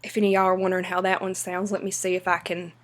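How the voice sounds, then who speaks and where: Flat-toned Appalachian Southern woman. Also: fairly low pitch. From western North Carolina. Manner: unhurried, many "um" pauses. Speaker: vlogger. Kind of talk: casual explanatory vlog.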